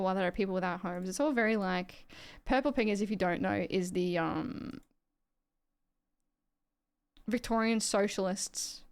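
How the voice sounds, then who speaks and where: Chatty Australian woman streaming, smooth voice. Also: mid-range voice. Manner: chatty, rambling, swears and reacts to chat. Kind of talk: casual live-stream chat.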